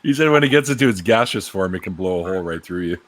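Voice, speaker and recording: A man's voice: low voice, expressive, fast, a bit bright. A man hosting a casual group chat, joking and laughing often. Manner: laughs often, jokey and loose. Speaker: host. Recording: faint background noise.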